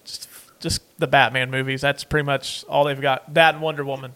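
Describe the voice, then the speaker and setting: A man's voice: medium pitch, flat delivery, brisk, sharp tone. A man co-hosting a casual movie watch-along podcast, loose and rambling, with plenty of fillers. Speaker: podcast co-host.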